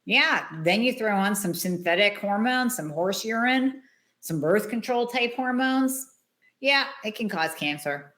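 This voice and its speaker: A woman's voice: mid-range voice, expressive, measured pace, a bit bright. A woman hosting a solo health podcast, talking in a blunt, emphatic, conversational way. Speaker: podcast host, hormone doctor.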